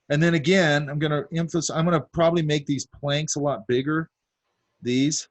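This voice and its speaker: A man teaching a drawing class, talking casually as he sketches, with lots of fillers and asides. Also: mid-range voice. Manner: talks while drawing, many fillers and asides. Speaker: art instructor.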